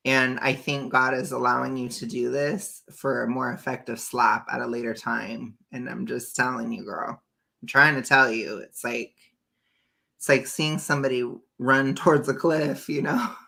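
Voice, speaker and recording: A woman with a very deep, gravelly voice and a bright edge, talking in an emphatic, preachy way. She sounds casual and colloquial. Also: fairly even intonation, moderate pace. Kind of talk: casual reaction chat.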